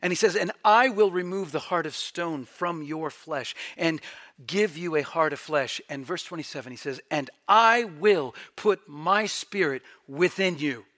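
Emphatic bright-voiced male preacher. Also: a little high, a little slow. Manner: emphatic, builds to shouting peaks then drops to quiet. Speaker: pastor. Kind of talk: sermon.

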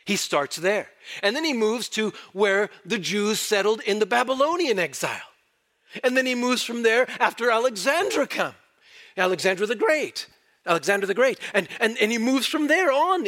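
A male pastor preaching an animated sermon, acting out the astonished crowd's voices. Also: high voice.

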